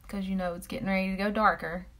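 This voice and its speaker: A woman's voice: mid-range voice, little pitch movement, fast, a bit bright. A woman chatting casually with viewers on a live stream while she applies makeup and talks about the products. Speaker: makeup seller doing a live demo.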